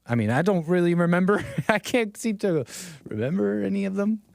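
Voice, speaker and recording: A man's voice: high-pitched, lively intonation, a little fast, gravelly, no echo. Sarcastic man chatting on a dry mic. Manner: sarcastic, chuckling often; talks straight to chat. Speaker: livestream host. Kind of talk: political commentary livestream.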